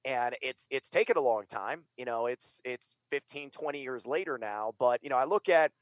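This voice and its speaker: A mid-range male voice at a moderate pace, free of room sound, belongs to a middle-aged US fantasy sports writer and broadcaster. He speaks with energy and emphasis in a relaxed interview, leaning heavily on fillers.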